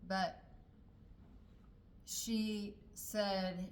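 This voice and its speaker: A woman's voice: lowish voice, little pitch movement, measured pace, a bit bright, a little hiss or hum, low-quality recording. A middle-aged woman telling a personal family story in a casual way, hesitating often with fillers and restarts.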